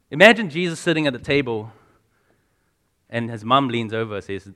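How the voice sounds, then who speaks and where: A man's voice: medium pitch, lively intonation, normal speed, long pauses, a bit bright, in a large hall. A man preaching a sermon in a conversational way, asking the congregation questions and often restarting and repeating words.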